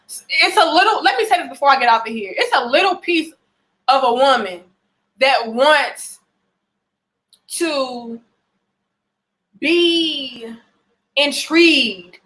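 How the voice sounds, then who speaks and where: Blunt, bright-voiced woman giving advice. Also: sits high. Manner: blunt and emphatic, swears freely; repeats and restarts phrases. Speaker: relationship vlogger. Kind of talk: casual direct-to-camera advice.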